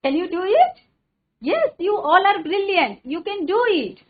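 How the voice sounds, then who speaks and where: High, lively Indian woman teacher. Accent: Indian English. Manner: encouraging, repeats phrases, recites tongue twisters fast. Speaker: headmistress teaching an English class. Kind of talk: online classroom lesson. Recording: narrow phone-like sound.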